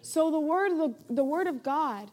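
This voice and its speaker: A woman's voice: sits high, expressive, measured pace, darkish tone. A woman pastor, praying fervently and then preaching a sermon to her church. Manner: fervent, rising and swelling in prayer. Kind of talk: sermon with opening prayer.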